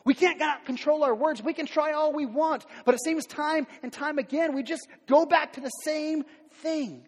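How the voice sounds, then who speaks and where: Heard through long hall reverb, a pastor preaches in a very high voice at normal speed. He keeps it candid and conversational with frequent fillers and restarts, performing the quoted voices of ordinary people.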